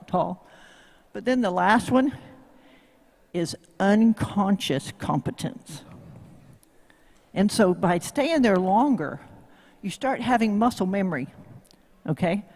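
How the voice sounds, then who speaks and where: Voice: mid-range voice, darkish tone, in a large hall. A horsemanship instructor with a Tennessee accent, giving a folksy, joking live demo talk and quizzing the crowd. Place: live event venue.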